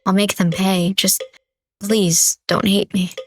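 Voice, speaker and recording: A woman's voice: mid-range voice, flat delivery, takes it slowly, slight background noise, lightly acted. A woman voicing a guilt-ridden spouse who pleads desperately with a ghost, her voice raised and strained. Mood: pleading.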